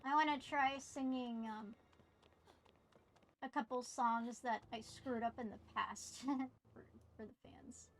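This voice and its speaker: High-voiced woman streamer, playful and unhurried. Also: fairly even intonation, a little hiss or hum. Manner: playful, talks to herself and reads chat aloud. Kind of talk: casual gameplay live stream chat.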